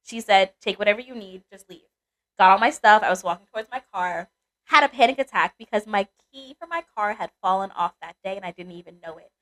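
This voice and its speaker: A young adult woman co-hosting a podcast, telling a personal story in casual chat, animated and swearing freely. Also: medium pitch, quick pace. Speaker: podcast co-host.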